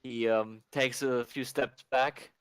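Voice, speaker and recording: A man narrating as game master for a tabletop game, halting with many ums and restarts. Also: medium pitch, fairly even intonation, a bit bright, clear, resonant tone, dry recording, faint music behind.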